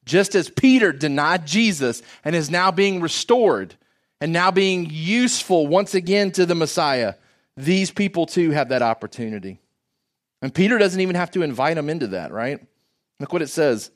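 Man, preacher, sermon, earnest, emphatic, rhetorical questions, fairly high voice. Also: expressive, moderate pace.

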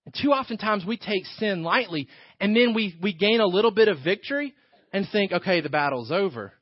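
A man's voice: sits high, expressive, fairly quick, breathy edge, dry recording. A man preaching a sermon as pastor, in a conversational way, with rhetorical questions and frequent restarts. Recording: dull lo-fi church recording.

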